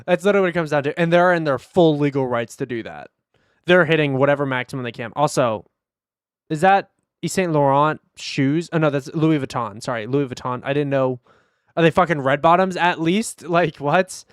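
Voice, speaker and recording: Young dude streamer ranting to chat, kinda high voice, swears a lot, dead dry mic. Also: male voice, fairly quick, clean tone, no room sound. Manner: blunt, profane, talks straight to chat. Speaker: streamer reacting to videos. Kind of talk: casual livestream commentary.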